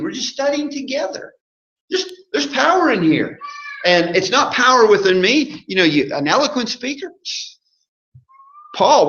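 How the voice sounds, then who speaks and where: Preaching from the pulpit of a church sanctuary, this man has a very high-pitched, slightly bright voice, with a little background noise present. He keeps the sermon interactive, putting questions to the congregation and cracking jokes. The audio is roomy and muffled.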